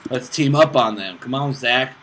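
A man's voice: mid-range voice, normal speed, background noise. A man hosting his own gaming channel, giving casual commentary as he plays and calls out to teammates, swinging between self-mocking jokes and frustrated outbursts. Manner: excitable, talks to himself and teammates, bursts of frustration.

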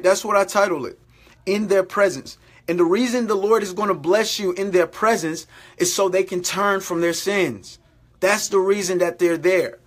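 A man giving an informal sermon to online viewers, exhorting them, repeating phrases and calling them "guys". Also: high-pitched. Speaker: preacher.

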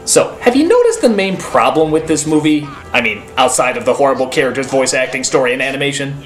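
A woman hosting a comedic film review, sarcastic and ranting with shouting bursts. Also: extremely low pitch, big pitch swings, fast talker, roomy sound. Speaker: film review show host.

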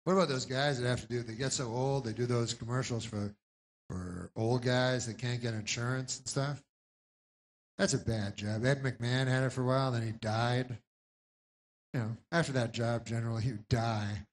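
A man performing a rambling stand-up set, halting and deadpan, with lots of restarts, in a live bootleg recording. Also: medium pitch. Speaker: stand-up comedian.

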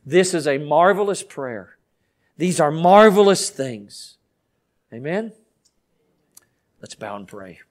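A Southern American pastor preaching a fervent sermon in a church, swinging from quiet pleading to shouting. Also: male voice, fairly high pitch, lively intonation, slow pace, pauses often. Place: church sanctuary.

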